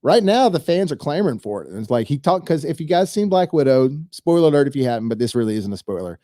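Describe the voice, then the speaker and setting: Casting note: man, solo movie-news host, mellow dark tone, dry close sound, rambling and eager. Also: fairly high pitch, big pitch swings, fast, dry recording. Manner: rambling, enthusiastic, talks straight to viewers. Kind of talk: casual solo commentary.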